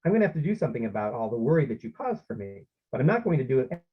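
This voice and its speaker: Man playing a calm dad, soft and sincere, lilting, raspy. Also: medium pitch, racing. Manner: soft, sincere, mildly sing-song. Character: calm, gentle, unflappable father. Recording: slightly muffled lo-fi audio.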